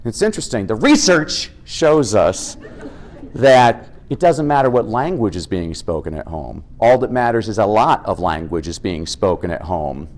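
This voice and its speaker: A middle-aged American man giving an energetic, humorous keynote talk as an education speaker. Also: fairly low pitch, normal speed. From United States. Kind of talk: keynote speech.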